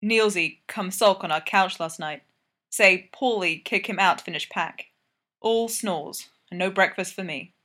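A woman's voice: medium pitch, measured pace, sharp tone. A woman reading aloud, voicing a sleepy, teasing male hockey player who speaks in clipped, broken English. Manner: clipped broken English, drops small words.

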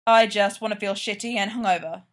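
A blunt young man who swears without a second thought and sounds worn out, as a woman reads him aloud. His voice sits at an ordinary middle pitch. This is an unpolished fan fiction reading. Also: a little fast, lightly acted. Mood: glum. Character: young man, frank and crude, weary.

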